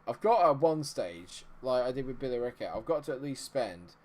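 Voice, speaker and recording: A man's voice: mid-range voice, normal speed. Chatty young man. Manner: chatty, rambling, excitable bursts. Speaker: gaming video host. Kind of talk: casual gameplay commentary.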